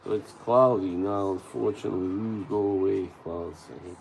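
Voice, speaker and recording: A man's voice: sits low, fairly even intonation, normal speed, gravelly, a little mellow, a little hiss or hum, low-quality recording. A man with a Serbo-Croatian accent chatting casually on a livestream, rambling, swearing and laughing often, recorded on a tablet's built-in mic. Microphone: tablet device mic.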